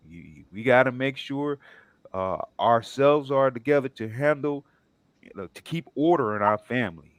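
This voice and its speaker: A man on a discussion panel speaking in a measured, sermon-like way, with many filler pauses. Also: medium pitch, expressive, no echo. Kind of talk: preachy panel talk.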